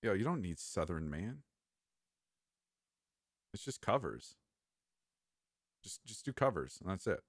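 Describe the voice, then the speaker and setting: A man's voice: sits low, sing-song, unhurried, long pauses, dry recording, studio quality. A young man co-hosting a podcast, chatting casually and teasing his co-host. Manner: teasing, joking. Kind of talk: casual chat.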